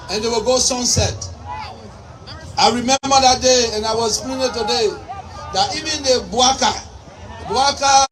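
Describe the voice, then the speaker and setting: A man with a Liberian English accent giving a political rally speech, shouting and repeating his points rhetorically. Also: very high-pitched. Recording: distant mic with crowd and noise.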